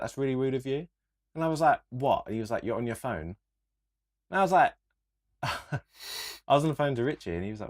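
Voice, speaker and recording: A young man, co-hosting a casual podcast and telling stories in an animated, sweary rant. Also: mid-range voice. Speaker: podcast co-host. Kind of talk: casual chat.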